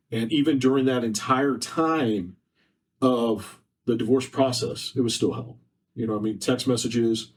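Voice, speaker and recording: A man on a podcast, sharing a personal story in an earnest, repetitive, emotional way. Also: mid-range voice. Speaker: podcast guest. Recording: distant mic from faulty setup.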